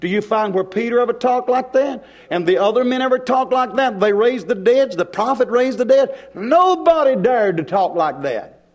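Lively high-pitched male preacher. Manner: preaching with dramatic pauses and shifts in pace. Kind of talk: sermon.

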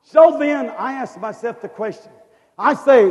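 A man preaching a fervent revival sermon, repeating phrases and building up to shouted questions. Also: very high-pitched, unhurried, lo-fi sound. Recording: long hall reverb.

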